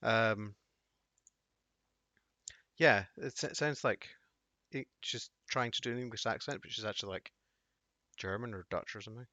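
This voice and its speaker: A man's voice: lowish voice, normal speed, pauses often, pushed and bright, no room sound. A man streaming a game, making wry, chatty asides and thinking aloud as he plays. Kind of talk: casual live gameplay commentary. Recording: dull dry home audio.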